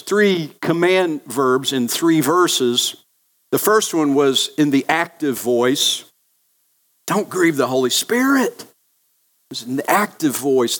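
A man's voice: on the high side, a bit bright. A male pastor preaching a sermon, earnest and repeating key phrases for emphasis.

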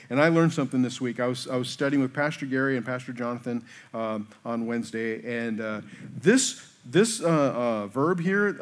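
A man delivers a sermon in a relaxed, conversational way. He keeps checking in with his listeners and makes light jokes at his own expense. His voice sits a little higher than most men's. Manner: self-deprecating asides. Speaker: pastor.

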